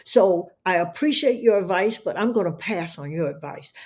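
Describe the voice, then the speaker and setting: A woman's voice: on the low side, expressive, moderate pace, a little mellow. A middle-aged woman telling an emotional testimony as an interview guest, speaking in a fervent, preacher-like way and often repeating words. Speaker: guest, entrepreneur.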